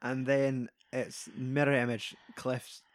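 A man's voice: medium pitch, slow, dry recording, studio quality. A young man, chatting casually and animatedly about a film, swearing freely. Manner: animated, sweary, acts out quoted lines.

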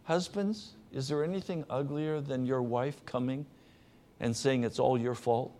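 Slow, earnest male preacher. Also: steady tone, a little hiss or hum. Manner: slow, earnest preaching, dropping soft and low for quiet quotes. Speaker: pastor. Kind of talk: sermon.

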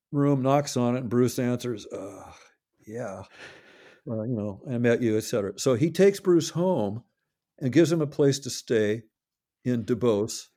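An older man with a dark, mid-range voice tells long, meandering stories in a relaxed interview. He keeps correcting himself and slips into quoting what other people said.

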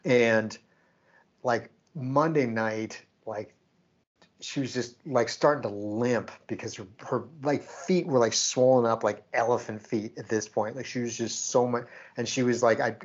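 A man's voice: mid-range voice, a little slow, lo-fi sound. A man co-hosting a podcast, telling a story in casual chat and acting out the back-and-forth of what people said. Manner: animated, acts out quoted exchanges. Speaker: podcast co-host.

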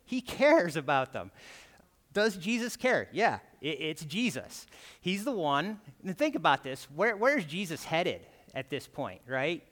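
A man's voice: a little high, very animated, a little slow, fairly bright tone. Conversational preacher man in echoing church. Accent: American. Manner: conversational, keeps asking "right?". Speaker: guest preacher. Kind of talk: sermon. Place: church sanctuary. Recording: long hall reverb.

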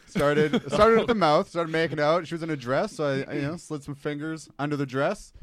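A man's voice: a little high, a little fast, dry recording, studio quality. A young man telling a long story in a casual podcast chat, rambling and breaking into laughs. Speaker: podcast guest telling stories.

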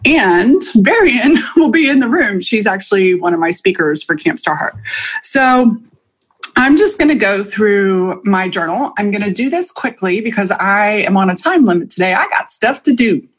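A woman hosts her live podcast in a loose, conversational way, pausing on ums and laughing now and then. Her voice sits in a middle pitch with a husky edge. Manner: chatty, with frequent ums and laughs. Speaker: podcast host and coach. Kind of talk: casual live podcast monologue.

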